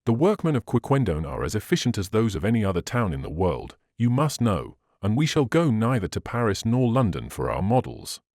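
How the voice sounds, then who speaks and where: A man's voice: lowish voice, sing-song, a little fast, hardly any pauses, darkish tone, dry recording, clean studio sound. A man reading the part of a pompous, impatient middle-aged burgomaster in an audiobook, speaking emphatically and indignantly.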